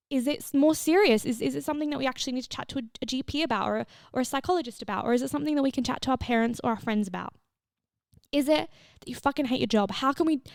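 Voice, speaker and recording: A woman's voice: on the high side, creaky, darkish tone, no room sound, clean studio sound. A young woman hosting her own podcast, giving a frank, swearing, affectionate pep talk while tearful and emotional. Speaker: podcast host. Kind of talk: solo motivational podcast talk.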